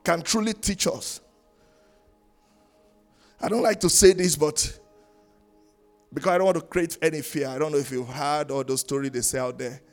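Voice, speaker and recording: Emphatic pastor preaching. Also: male voice, steady tone, moderate pace, pauses often, soft background music. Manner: emphatic preaching, swings between loud sung-out lines and low asides. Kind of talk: sermon. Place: church in Canada.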